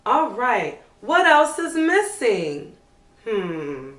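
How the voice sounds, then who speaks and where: A woman teaching toddlers as a preschool teacher, slow, sing-song and animated, with coaxing questions. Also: fairly high pitch, echoey room, distant mic.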